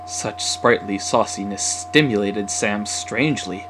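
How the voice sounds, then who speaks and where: A man narrating an alliterative tongue-twister story with lively, expressive delivery. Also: fairly low pitch, a little slow, noisy background.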